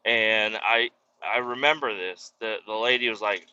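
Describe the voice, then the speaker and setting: A man's voice: on the low side, moderate pace, bright, forceful tone, no echo. Man, podcast host, casual profane rambling rant, dull lo-fi recording, dry sound.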